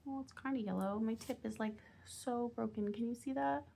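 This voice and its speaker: A woman's voice: a little high, moderate pace, gravelly, dark tone, a little hiss or hum. A woman vlogging at home about her budgeting game, chatting casually and giggling while she colors, often dropping into a half-whisper. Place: home on a busy street.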